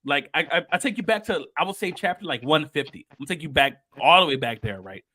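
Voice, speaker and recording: Animated, excitable male podcast host. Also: on the high side, fast. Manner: excitable, profane, emphatic. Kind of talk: casual podcast chat.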